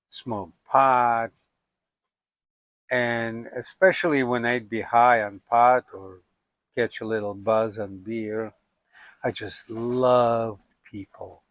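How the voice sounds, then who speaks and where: Older man from Russia, slow reflective storyteller, dry close sound. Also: mid-range voice, fairly even intonation, fairly bright tone, dry recording. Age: 70s. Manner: unhurried, musing, with frequent "you know" and "like". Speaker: documentary subject.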